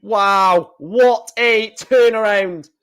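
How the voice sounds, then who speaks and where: An excitable man commentating live on a stream, shouting and repeating himself at big moments. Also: high-pitched, very slow, clean tone.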